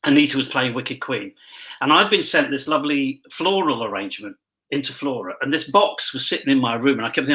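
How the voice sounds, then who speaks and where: A man's voice: mid-range voice, expressive, quick pace, pushed and bright, rough recording. A man who performs as a pantomime dame, telling rambling backstage anecdotes in casual chat and admitting he talks too much.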